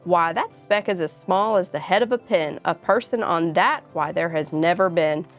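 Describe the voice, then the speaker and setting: A woman's voice: on the low side, moderate pace, soft background music, close to an everyday voice. A woman voicing a sour, scornful female kangaroo in a storybook reading. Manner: sneering, scornful.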